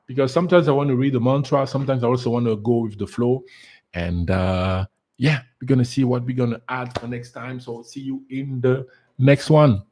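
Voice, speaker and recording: A man's voice: medium pitch, fairly even intonation, a little fast, darkish tone. A man talking as a spiritual life coach on a casual solo livestream, earnest, repeating words for emphasis, with fillers. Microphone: solo live stream setup.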